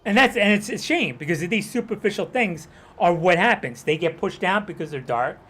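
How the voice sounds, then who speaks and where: A young man talks over his gameplay stream in a loose, rambling rant. His voice sits a little high, and he gets heated and swears freely. He keeps circling back with "you know what I'm talking about". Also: expressive, normal speed, fairly bright tone, slightly rough. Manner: heated, profane. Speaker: gaming streamer. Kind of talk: casual livestream rant.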